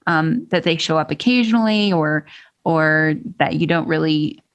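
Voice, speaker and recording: A woman co-hosting a podcast speaks in a low-pitched voice at a moderate pace, and the sound is lo-fi. In casual conversation she explains ideas thoughtfully, often restarting her sentences and stressing key words.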